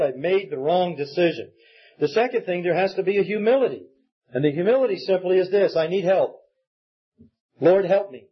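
A man preaches with earnest conviction, his voice pitched high and slightly husky. He breaks into acted-out pleas as he makes his points, and the recording sounds dull and lo-fi. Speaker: pastor. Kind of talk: sermon.

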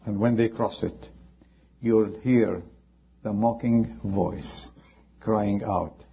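A man preaching a sermon as pastor, impassioned, rising high and then dropping to a hush. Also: fairly even intonation, takes it slowly, vocal fry, pauses often, breathy edge, muffled recording. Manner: impassioned preaching with sudden drops to quiet.

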